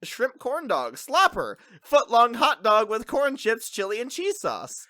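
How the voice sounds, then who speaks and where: A man's voice: extremely high pitch, huge pitch swings, measured pace, bright, forceful tone, no room sound, clean studio sound. A man hosting a podcast in casual chat, reading a list aloud and laughing. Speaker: podcast host.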